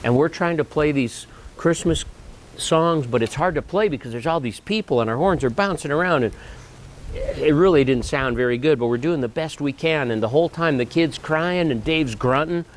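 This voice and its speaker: A man's voice: a little high, normal speed, slight background noise. A man in his sixties, a working musician, telling an old gig story in an easygoing, rambling way with asides. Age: 60s. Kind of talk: casual storytelling.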